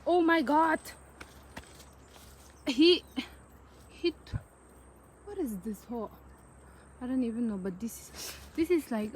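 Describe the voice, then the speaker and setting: A woman's voice: on the high side, warm tone, slight background noise. A young woman, chatting in a casual vlog as she walks around a farm outdoors, exclamatory and thinking aloud. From Nagaland, northeast India. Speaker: vlogger.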